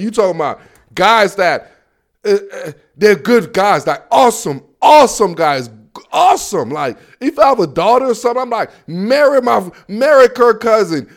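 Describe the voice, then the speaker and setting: A man talking sports in a casual monologue, animated and slangy, repeating himself as he pushes his opinions hard. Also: sits high, gravelly. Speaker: sports commentator.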